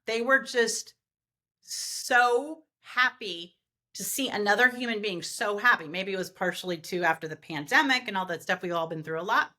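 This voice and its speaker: A woman event planner telling party stories as a podcast guest, animated and rambling with lots of fillers. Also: medium pitch. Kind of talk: podcast interview storytelling.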